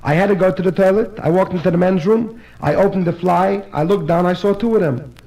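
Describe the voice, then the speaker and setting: A man's voice: high voice, brisk, vocal fry, dark tone, low-quality recording. A man voicing a middle-aged husband who complains bitterly and indignantly, in a live stand-up comedy bit. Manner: indignant, griping.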